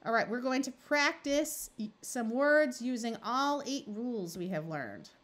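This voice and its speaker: A woman tutor teaching a phonics lesson, explaining slowly and sounding out words syllable by syllable. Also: a little high, expressive, fairly bright tone. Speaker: reading tutor.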